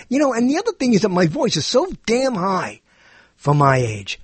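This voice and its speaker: A male talk show host in a loose, rambling monologue, self-deprecating and hopping from topic to topic. His voice sits high, with pitch swinging widely. It is a little husky and sounds dry. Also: wildly swooping pitch, normal speed, no echo.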